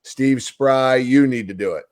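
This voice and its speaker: Hoarse man telling fan stories. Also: medium pitch, a little slow. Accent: New York. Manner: animated storyteller, hoarse from yelling. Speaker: podcast co-host. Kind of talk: casual hockey fan chat.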